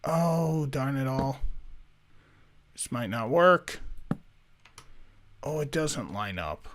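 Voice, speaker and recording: A man's voice: medium pitch, expressive, drawn-out words, pauses often, a bit bright, slight background noise. A man giving let's play commentary as he builds, thinking aloud and talking to himself as he goes. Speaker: gaming YouTuber.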